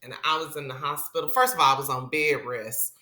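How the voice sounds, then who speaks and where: A woman's voice: low voice, fairly even intonation, fairly quick, bright, forceful tone, reverberant. A middle-aged woman, a radio personality, telling a personal story in a casual interview and acting out the people she quotes.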